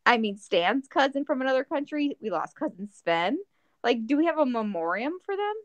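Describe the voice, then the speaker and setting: A woman's voice: sits high, moderate pace, no room sound. Joking woman podcast co-host, dry sound. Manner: animated, joking, rambling plans. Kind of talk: casual chat.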